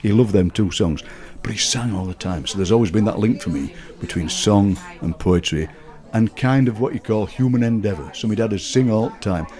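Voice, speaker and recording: A man with a Barnsley Yorkshire accent, a writer and broadcaster telling lively family stories in a casual interview. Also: fairly low pitch, brisk. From Yorkshire, England. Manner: lively storyteller, laughing and putting on relatives' voices.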